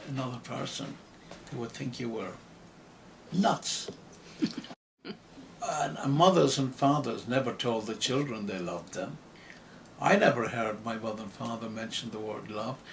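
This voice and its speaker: An older man from Ireland with an Irish accent, an interviewed writer and actor, reflecting slowly and hesitantly, often restarting his phrases. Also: mid-range voice, creaky, a little hiss or hum.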